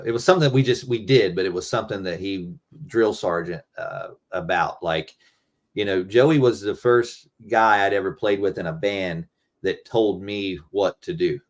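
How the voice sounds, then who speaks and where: A man's voice: sits low, unhurried. A middle-aged man talking loosely and rambling, swearing freely, as a guest musician in a casual interview.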